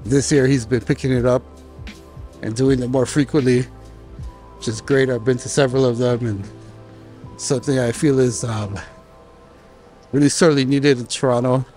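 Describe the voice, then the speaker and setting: A man vlogging, telling a relaxed story with many fillers and restarts. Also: mid-range voice, normal speed, long pauses, soft background music. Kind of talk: casual storytelling narration.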